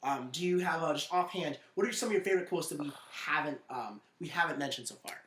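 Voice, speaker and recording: A podcast co-host in casual chat, excitable, who often breaks into quoting lines and laughing. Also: medium pitch, quick pace, echoey room, a little hiss or hum.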